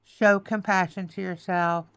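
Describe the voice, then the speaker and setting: A woman's voice: medium pitch, fairly even intonation, unhurried, smooth, no echo. A woman giving a tarot reading, choked up and tearful, repeating soothing affirmations. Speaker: tarot reader.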